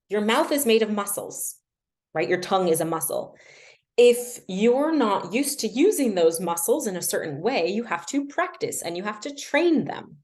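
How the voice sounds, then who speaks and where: A young adult woman casually teaching language learning on a livestream, chatty and self-deprecating, with lots of fillers. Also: mid-range voice.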